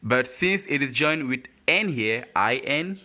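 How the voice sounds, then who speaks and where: A man teaching French pronunciation letter by letter, patient and deliberate. He says each word, asks the listener to repeat it, and praises them. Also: mid-range voice, lively intonation, bright, forceful tone. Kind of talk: slow, deliberate language lesson.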